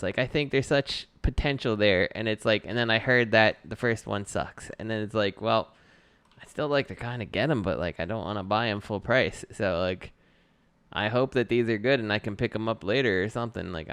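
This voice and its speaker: A man with a low, gravelly, yet smooth and resonant voice, rambling as a podcast co-host with casual swearing. He trails off and restarts his thoughts. The sound is dry and close, with no room echo. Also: fairly bright tone. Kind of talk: casual chat about toys.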